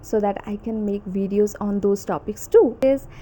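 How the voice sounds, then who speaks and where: A woman's voice: mid-range voice, moderate pace, dark tone, slight background noise. A young woman hosting her own English learning channel, chatting casually and a little nervously, often adding "okay?" and "like". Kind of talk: casual self-made pronunciation lesson.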